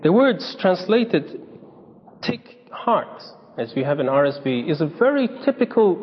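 Man preaching, high voice, long hall echo, muffled lo-fi recording, emphatic storyteller. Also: sing-song, unhurried, slight background noise. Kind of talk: sermon. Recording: dull lo-fi sound in a reverberant hall.

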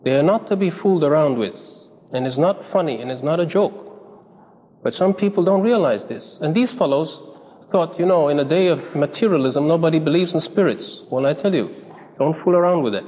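A man's voice: on the high side, animated, brisk. A man preaching a sermon, telling stories and acting out the people he quotes with emphasis. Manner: storytelling, acts out quoted voices, emphatic. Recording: dull lo-fi sound in a reverberant hall.

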